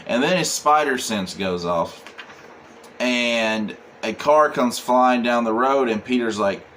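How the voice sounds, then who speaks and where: A man's voice: mid-range voice, slow pace, a bit bright, slight background noise. A man reviewing a comic book, recapping the plot casually with many fillers and "he's like". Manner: rambling, full of "he's like" and "um".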